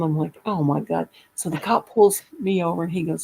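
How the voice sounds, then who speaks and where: A middle-aged woman telling a funny story in a casual chat, animated and laughing as she goes. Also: fairly low pitch, a little fast, creaky, few pauses, a little hiss or hum, low-quality recording. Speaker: caller.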